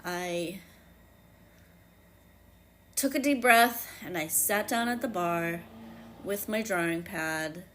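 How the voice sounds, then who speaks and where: Slow, halting woman with a New England accent. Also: on the low side, fairly bright tone. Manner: slow and halting, with many fillers and restarts. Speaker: podcast host. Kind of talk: casual personal reflection.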